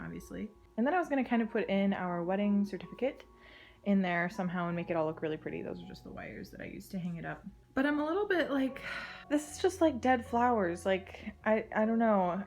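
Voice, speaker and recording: A young pregnant woman chatting casually in a home vlog, full of "like" fillers and sometimes dropping to a soft whisper. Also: medium pitch. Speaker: vlogger. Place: her home.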